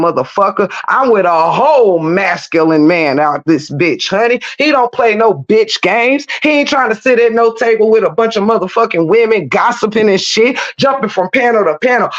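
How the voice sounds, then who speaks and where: A woman's voice: fairly high pitch, dull audio. A woman delivering a profane, combative rant as an online commentator, taunting and cursing nonstop.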